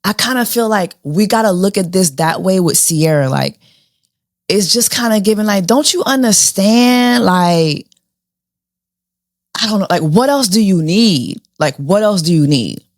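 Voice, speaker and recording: A woman's voice: medium pitch, animated, measured pace, dry recording, studio quality. A woman hosting a casual reality TV recap, sassy and slangy, firing off rhetorical questions. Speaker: show host.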